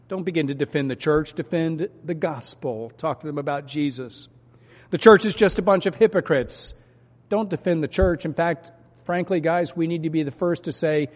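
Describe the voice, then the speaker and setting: A man preaching a sermon from the pulpit, swinging between loud urging and quiet earnest asides. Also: fairly high pitch, moderate pace. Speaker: pastor. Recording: long hall reverb.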